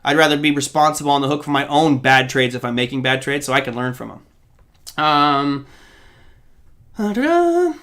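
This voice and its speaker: A man's voice: mid-range voice, level tone, fast talker, fairly bright tone. A man hosting a live trading show, answering viewer questions in a chatty, rambling way with asides to the chat. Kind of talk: live-stream Q&A.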